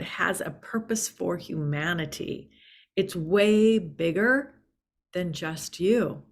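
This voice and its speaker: Lady doing a gentle uplifting spiritual message, kinda low voice, repeats stuff so it lands. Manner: earnest, soothing, repeats key phrases. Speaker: spiritual channel host. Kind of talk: inspirational spiritual talk.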